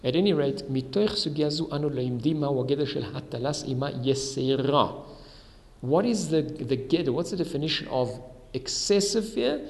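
A man's voice: mid-range voice, fairly quick, big-room sound. A man teaching a Talmud lesson with Ashkenazi Hebrew pronunciation, reading each Aramaic line and then explaining it in English. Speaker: Torah teacher.

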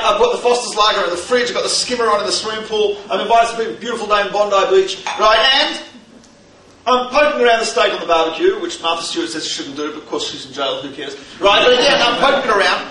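Brief: male lecturer, very high, bright voice, animated with rhetorical questions, recorded from far off in an echoey hall. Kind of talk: humorous lecture to a live audience. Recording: echoey hall, distant mic, faint noise.

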